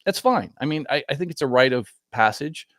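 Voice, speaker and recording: A man's voice: mid-range voice, expressive, a little fast, a bit bright, no room sound, studio quality. A middle-aged man, a guest trader, talking casually in a reflective, rambling way that corrects itself often. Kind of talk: casual chat.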